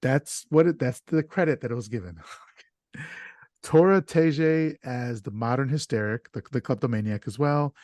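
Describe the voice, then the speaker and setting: A man's voice: medium pitch, unhurried, darkish tone, no echo, studio quality. A man hosting a casual podcast chat, talking loosely and stumbling over names, with an easy laugh. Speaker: podcast host.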